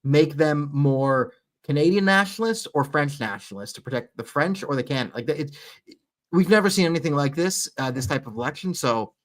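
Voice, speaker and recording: Male co-host, bouncy expressive pitch, slightly high, playful and jokey. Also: brisk. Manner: playful, jokey, slips into silly bits. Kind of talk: casual chat.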